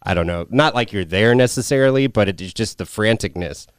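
A man in his twenties with a low, smooth, resonant voice chats loosely about a movie. He rambles, drops casual swears and laughs along the way. The sound is close and dry. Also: animated, brisk, no room sound. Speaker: podcast co-host. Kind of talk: casual film discussion.

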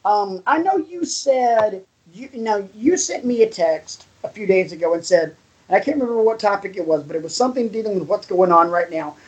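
A man co-hosting a podcast, excitable and animated, swearing casually in relaxed chat. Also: high voice, a little fast, husky, low-quality recording. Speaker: podcast co-host.

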